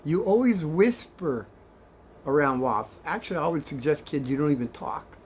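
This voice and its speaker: An older man telling kids a story in a rambling, animated way, swinging between hushed and excited. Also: on the high side, moderate pace, a little hiss or hum.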